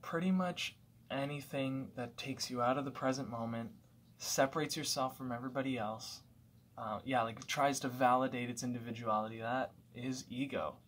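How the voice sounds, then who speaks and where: A man's voice: medium pitch, steady tone, moderate pace, fairly bright tone. A man talking through his thoughts in a casual, reflective monologue at home, rambling and restarting as he goes. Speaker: vlogger.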